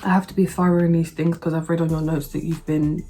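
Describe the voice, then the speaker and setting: A woman's voice: low-pitched, little pitch movement, quick pace, warm tone, faint music behind. Woman mimicking a curt, dismissive lady doctor.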